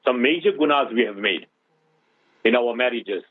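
Brief: male radio host, husky and dry, phone-line sound, preachy rhetorical questions. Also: mid-range voice, lively intonation, moderate pace, no echo. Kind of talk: radio Islamic advice talk.

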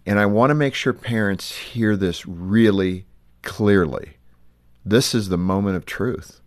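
A man hosting an interview, prompting his guests with gentle questions. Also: lowish voice, a little slow, dry recording, studio quality. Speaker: host.

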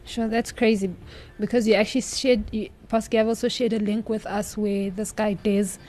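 A woman's voice: mid-range voice, flat delivery, normal speed, a little mellow. Chatty woman co-host. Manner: chatty, giggly, asks questions with fillers. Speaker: talk show co-host. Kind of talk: casual talk show chat.

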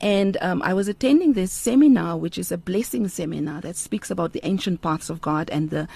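A middle-aged woman giving a heartfelt personal testimony in an interview, earnest and unhurried with frequent ums. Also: lowish voice, vocal fry, dark tone, husky, no room sound. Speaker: interview guest.

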